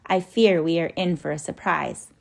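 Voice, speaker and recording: A woman voicing a calm, grave old male professor in a measured way. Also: deep voice, vocal fry, exaggerated voice. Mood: grim. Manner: measured and grim.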